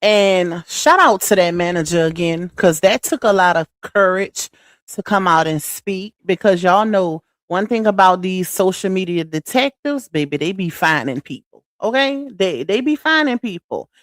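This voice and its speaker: A woman's voice: lowish voice, animated, normal speed, dry recording. Woman livestream host, casual slangy chat, dry close sound. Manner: chatty, slangy, speaks straight to the chat.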